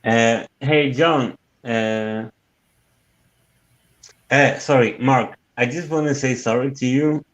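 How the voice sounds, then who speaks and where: A man who learned as a chats on a call. He is friendly but hesitant, stopping often and swearing casually. His voice sits at an ordinary pitch. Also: fairly even intonation, slow, long pauses, highs cut off.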